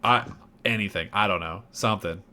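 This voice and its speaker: Recapping an episode casually, a podcast co-host acts out characters' lines in mocking voices. His voice is lowish, bright, and forceful, with a slightly fast pace.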